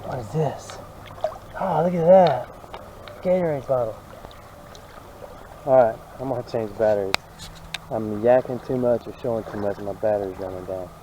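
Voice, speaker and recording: A man, chatting excitedly to himself and his viewers as he searches a creek outdoors. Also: medium pitch, moderate pace, pauses often. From Alabama. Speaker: vlogger. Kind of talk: casual outdoor narration. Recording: outdoor recording with clear background noise.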